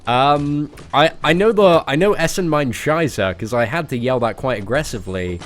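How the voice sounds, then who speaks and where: A man's voice: medium pitch, animated, moderate pace. An English man chatting casually on a game live stream, joking and often restarting his sentences.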